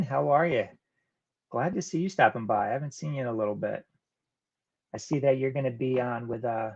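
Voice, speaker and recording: A man hosting a casual live stream, reading viewers' chat comments aloud and answering them in a relaxed, rambling way. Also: medium pitch, creaky, breathy edge, dull audio. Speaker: live-stream host of a reselling channel.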